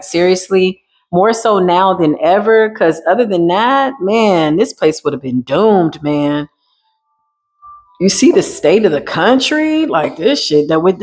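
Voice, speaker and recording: A woman's voice: fairly low pitch, lively intonation, a little slow, darkish tone. A woman giving a casual spiritual tarot reading to her viewers, blunt and slangy. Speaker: tarot reader.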